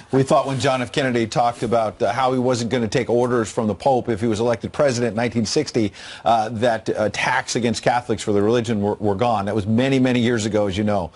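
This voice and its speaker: Brief: mid-pitched male co-host, relaxed and jokey. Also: quick pace. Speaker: news show co-host. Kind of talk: conversational TV hosting.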